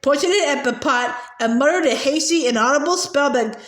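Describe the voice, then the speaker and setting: A woman reading a novel aloud, who often stumbles, restarts words and pauses with long 'uh' sounds, in an echoey room. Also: high-pitched. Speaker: audiobook reader.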